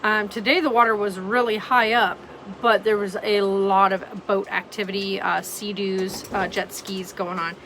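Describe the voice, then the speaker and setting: A woman's voice: medium pitch, flat delivery, moderate pace, fairly bright tone, slight background noise, poor audio. A tired, yawning woman vlogging casually from home, rambling with lots of ums. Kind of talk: casual vlog chat.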